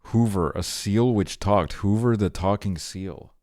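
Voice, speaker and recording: A man with a very low voice reads short items aloud on a live stream. He breaks in with blunt, profane, offhand reactions. The sound is close and dry. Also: a little slow, a little mellow, no room sound.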